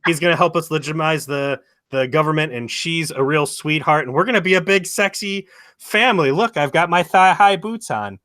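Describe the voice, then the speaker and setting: A brash, flirty woman full of giddy scheming, as a man puts her on. The voice sits high and pushes loud, eager and a bit over the top. Every line lands bold and bright. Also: a little fast, no room sound, studio quality.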